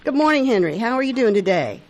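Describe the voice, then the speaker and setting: A woman's voice: a little high, sing-song, fast, a little mellow. A woman hosting a radio call-in show, reading this-day-in-history items aloud with small stumbles and chatty asides. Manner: reads items aloud with stumbles on names and side comments. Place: radio studio.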